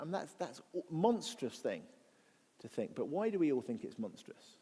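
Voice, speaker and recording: A man's voice: a little high, sing-song, moderate pace, dark tone, breathy edge. A man speaking as guest speaker at a church event, giving a conversational, reflective talk with restarts and rhetorical questions. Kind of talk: apologetics talk to an audience. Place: church hall. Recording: long reverb of a large hall.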